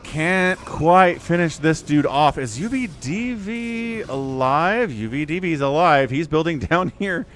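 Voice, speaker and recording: Lively American man casting a game. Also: on the high side, a little slow, hardly any pauses, slight background noise. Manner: chatty, joking, reads chat aloud. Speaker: game commentator and streamer. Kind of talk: casual livestream game commentary.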